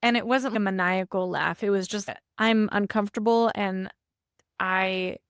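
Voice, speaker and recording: A woman's voice: mid-range voice, steady tone, a little slow, smooth, dry recording, studio quality. A woman in her thirties co-hosting a podcast, talking candidly and reflectively, with frequent laughs. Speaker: podcast co-host. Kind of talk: casual chat.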